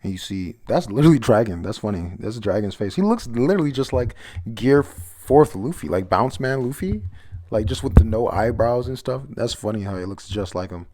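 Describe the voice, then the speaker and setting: A man with a fairly low, mellow voice talks through a comic chapter in loose, rambling chat. He swears casually and reads panels aloud as he goes. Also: animated, moderate pace. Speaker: manga chapter reviewer.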